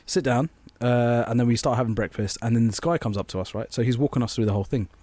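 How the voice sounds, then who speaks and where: A man's voice: medium pitch, fast talker, a little mellow, no echo. A young man co-hosting a podcast, rambling through an anecdote and acting out quoted voices. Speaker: podcast co-host. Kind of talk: casual storytelling chat.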